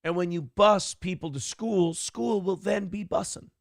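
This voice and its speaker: A man doing a mocking impression of a condescending woman politician, slow and sing-song, with a put-on Southern drawl. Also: sits high, vocal fry, no echo, studio quality.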